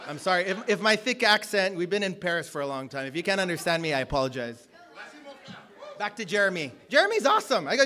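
Guy preaching, high voice, jokey and fired up, yells at the big points. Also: fast talker, a faint crowd. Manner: energetic, joking, shouts at peaks. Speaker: guest preacher. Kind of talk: sermon.

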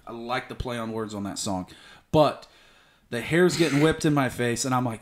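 A man's voice: mid-range voice, moderate pace, a little hiss or hum. A young man telling a crude, profane story in a casual podcast chat. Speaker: guest storyteller.

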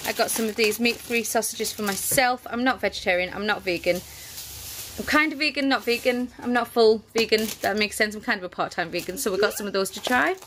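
This family vlogger, young, pregnant and out of breath, talks casually through a family grocery haul, self-correcting and laughing readily. Her medium-pitched, fairly bright voice moves fairly quickly, with a little hiss or hum.

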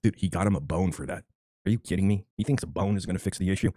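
A man's voice: sits low, racing, dark tone, no echo, studio quality. A man streaming his reactions to a clip, mocking and profane, laughing often. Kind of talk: casual reaction commentary.

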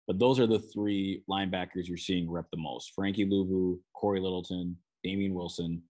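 A man with a Minnesotan accent hosts a solo sports podcast, breaking down players and practices. His voice sits low, and he talks in a relaxed, rambling way, often restarting his sentences mid-thought. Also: normal speed. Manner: conversational, with frequent restarts and "you know". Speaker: sports beat writer and podcast host.

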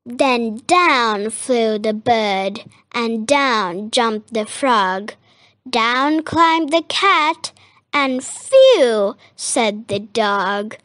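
A woman reading a rhyming children's picture book aloud in a measured, sing-song way. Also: a little high, sharp tone, no room sound. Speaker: storybook reader.

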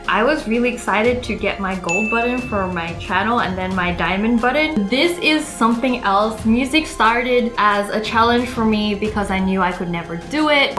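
A woman YouTuber talking casually to camera, excitable and gushing, squealing with surprise. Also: fairly high pitch. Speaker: YouTuber and singer. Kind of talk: casual vlog talk to camera. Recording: echoey room with background music.

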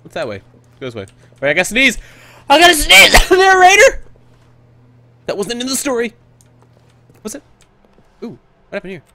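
A man giving excitable let's play commentary, whooping, joking and swearing as he plays. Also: sits high, fairly quick, long pauses. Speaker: gamer.

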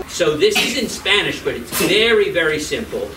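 A man telling a folktale to children, expressive and asking his listeners questions along the way. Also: fairly high pitch, moderate pace, hardly any pauses, music in the background. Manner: expressive, asks the audience questions. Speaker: storyteller for children. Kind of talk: animated live storytelling. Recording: roomy live sound from a distance.

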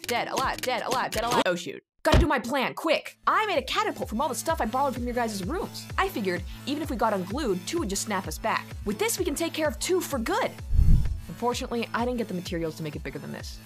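A woman voicing a smug, self-centered female talking smartphone in a cartoon, sarcastic and self-pitying. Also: a little high. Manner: sarcastic and self-pitying, quick mood swings. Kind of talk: cartoon voice acting.

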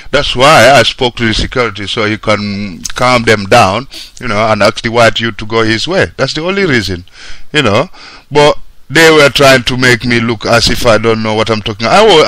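A man's voice: mid-range voice, bright, forceful tone, no room sound. A man hosting a radio show, talking alone into a studio mic in a heated, repetitive rant. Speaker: radio presenter. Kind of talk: radio talk monologue.

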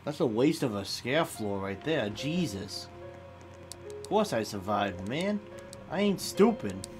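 A man's voice: medium pitch, big pitch swings, slow. A young man casually commenting on a game, swearing often and reacting jumpily to scares, with music in the background. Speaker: gaming channel host.

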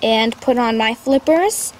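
A woman's voice: on the high side, measured pace, darkish tone, slight background noise. A woman doing playful doll role-play for children, voicing a mom doll in a bubbly, giggly, sing-song way.

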